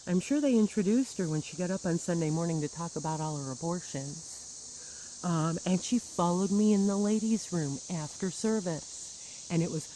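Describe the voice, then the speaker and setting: A woman's voice: fairly low pitch, normal speed, mellow, a little hiss or hum, low-quality recording. A woman telling a personal grievance story in a bitter, sarcastic monologue with wry laughs. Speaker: churchgoer recounting grievances.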